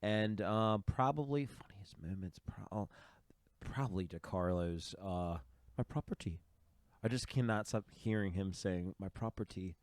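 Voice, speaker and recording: A man's voice: fairly low pitch, unhurried, no echo, studio quality. A man co-hosting a casual podcast, easygoing and rambling. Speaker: podcast co-host. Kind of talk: casual group podcast chat.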